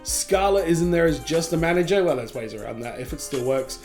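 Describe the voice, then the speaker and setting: A man hosts a casual reaction video, reading a long list of names and dropping quick comments as he goes. His voice sits a little high for a man. Soft music plays faintly behind him. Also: expressive. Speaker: gaming channel host.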